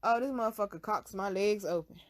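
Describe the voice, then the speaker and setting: A woman hosting her own channel, telling a personal story to camera in blunt, profane street slang, hushed one moment and loud the next. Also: mid-range voice, brisk. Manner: swings from hushed to loud bursts. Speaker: channel host.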